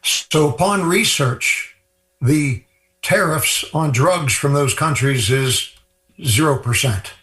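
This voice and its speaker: A man from Ireland, a guest on a radio show, calmly explaining drug prices in a matter-of-fact way. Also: a little high, takes it slowly, echoey room. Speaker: healthcare cost guest.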